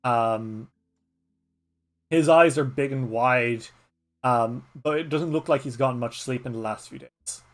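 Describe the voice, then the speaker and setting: A man's voice: mid-range voice, measured pace. A man with an Irish accent narrating a solo tabletop game as game master in a rambling way, with many fillers.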